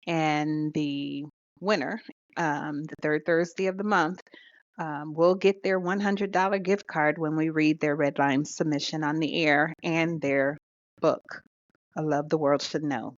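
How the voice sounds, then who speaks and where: A woman co-hosting a podcast talks in an animated, casual way with a fairly low voice. The recording is dry with no room sound, and its lo-fi quality makes it a little dull. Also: a little slow, no room sound. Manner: animated storytelling with laughs and fillers. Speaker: podcast co-host. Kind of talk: casual chat.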